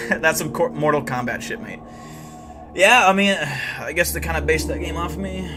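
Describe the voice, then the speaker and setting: A young man hosting a livestream, telling deadpan, boastful tall tales in a rambling way full of fillers. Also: fairly high pitch, normal speed, music in the background. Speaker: livestream host. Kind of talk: comedic in-character livestream storytelling.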